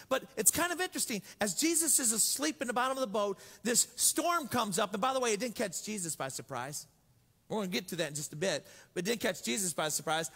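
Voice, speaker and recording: A man delivers a sermon with a high voice and a playful storytelling manner, acting out little voices. His voice rings through a large church hall with long reverb. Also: a bit bright, husky. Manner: storytelling, joking, acts out voices. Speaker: pastor.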